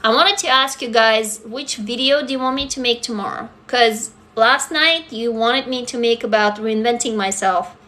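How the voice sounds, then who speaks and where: A woman in her forties hosts a casual livestream, her slight foreign accent mostly worn away. Her voice sits a little high and sounds bright and forceful. She talks frankly, swears freely and turns aside often to answer viewers. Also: normal speed, few pauses. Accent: foreign, mostly faded. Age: 40s. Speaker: livestream host.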